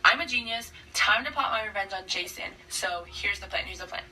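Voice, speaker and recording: Woman playing a smug sorceress queen, sarcastic, slangy, bright tone, distant mic, faint hiss. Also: medium pitch, fairly quick. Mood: scheming. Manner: gleeful, sarcastic, modern slang.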